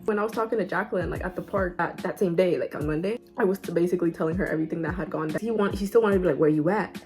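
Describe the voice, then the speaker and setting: A young woman vlogger telling a casual storytime, acting out quoted lines with quick asides. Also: lowish voice, a little mellow, faint music behind.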